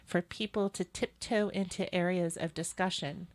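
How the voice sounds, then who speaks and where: A woman hosting a political talk show, earnest and opinionated as she talks with her co-host. Her voice sits somewhat low, and her delivery is conversational. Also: steady tone, normal speed.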